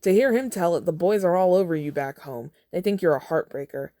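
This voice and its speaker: Woman doing a gruff blunt male mentor, scolding, firm, dry close sound. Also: fairly low pitch, lively intonation, brisk, dark tone, no room sound, lightly acted.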